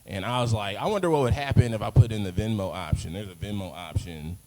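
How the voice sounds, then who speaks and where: A man's voice: lowish voice, quick pace, mellow, big-room sound, soft background music, rough recording. A young man from Chicago's South Side doing a loose, rambling stand-up set at an open mic, full of fillers and chuckling at his own jokes. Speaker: stand-up comic. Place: open-mic stage in an arts space.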